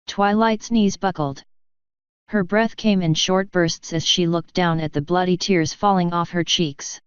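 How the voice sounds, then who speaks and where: Woman reader, low and very clear, measured storybook narration. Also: no echo, muffled recording. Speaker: fanfiction reader. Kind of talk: scripted narration.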